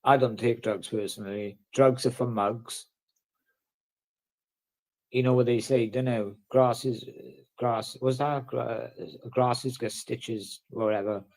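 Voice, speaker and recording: A man's voice: mid-range voice, fairly even intonation, measured pace, pauses often, a little mellow. A man from the in a casual vlog, ranting bluntly and swearing heavily. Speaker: vlogger.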